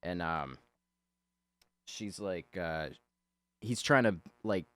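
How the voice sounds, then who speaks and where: A man's voice: low-pitched, animated, extremely slow, pushed and bright, clean tone, dry recording. A man rambling casually and profanely as he talks over his drawing, chuckling often. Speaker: artist talking over a drawing.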